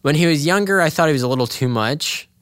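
A man's voice: fairly high pitch, lively intonation, fast talker, fairly bright tone, dry recording, studio quality. A young man co-hosting a podcast, chatting casually about a cartoon, rambling with frequent laughs and fillers. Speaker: podcast co-host.

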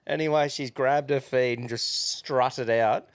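Australian male host, mid-pitched, crude laddish yarns, dry close sound. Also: fairly even intonation, unhurried, smooth, no room sound. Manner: laddish, crude, laughing storyteller. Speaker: podcast host. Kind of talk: casual chat.

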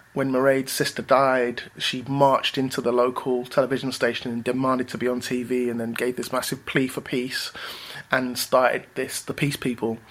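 Bouncy, animated male storyteller. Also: mid-range voice. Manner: animated, bouncy, acts out voices. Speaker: guest, rapper and writer. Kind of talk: casual interview storytelling.

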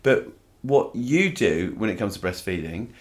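A man's voice: on the low side, big pitch swings, a little slow, background noise. A man hosting a casual podcast chat, asking friendly, probing questions. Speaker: podcast host.

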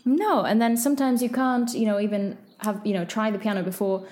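A woman's voice: medium pitch, fairly even intonation, a little fast, dark tone. A woman who is a pianist speaking reflectively in a casual podcast chat, searching for her words.

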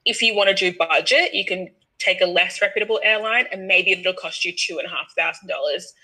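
An Australian woman in her twenties or thirties tells a story in a relaxed podcast chat. Her voice is bright and clear, and she acts out other people's lines with plenty of laughter. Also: on the low side, brisk, poor audio.

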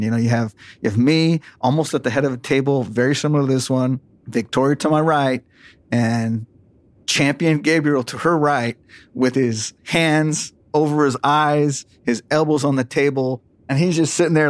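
Animated storytelling man, dry close sound. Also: mid-range voice, normal speed, dry recording. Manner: animated, acts out voices in his story. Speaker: former police detective recounting a case. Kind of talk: casual storytelling on a podcast.

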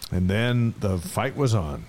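A man co-hosting a casual sports chat in a relaxed way, reading out the day's notes and riffing with his partner. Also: on the low side, unhurried. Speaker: co-host.

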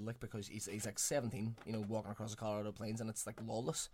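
Fast-talking man. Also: fairly low pitch, little pitch movement, darkish tone, breathy edge. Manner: chatty, enthusiastic, swears casually. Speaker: podcast co-host reviewing films. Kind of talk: casual chat.

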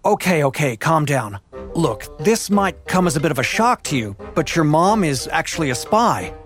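Patient storybook dad, low steady voice, played by a woman narrator. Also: normal speed, faint music behind. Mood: calming. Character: calm middle-aged father, man.

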